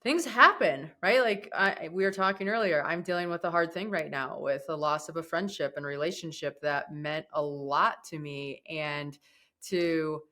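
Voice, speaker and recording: A woman hosting a podcast interview, chatty and expressive, laughing easily. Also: deep voice, moderate pace. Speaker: podcast host. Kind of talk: casual interview talk.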